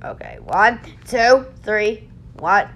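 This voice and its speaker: A woman hosting a casual gameplay video, excitable, yelling and laughing as she plays. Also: medium pitch, slow, muffled recording. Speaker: gaming video host.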